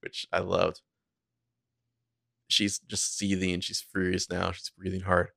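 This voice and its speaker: Deep gravelly guy doing a tv recap podcast, casual, close dry mic. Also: completely flat delivery, slow pace, fairly bright tone, no room sound. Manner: narrates scenes and acts out character lines in a loose, chatty way. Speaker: podcast co-host recapping a TV episode.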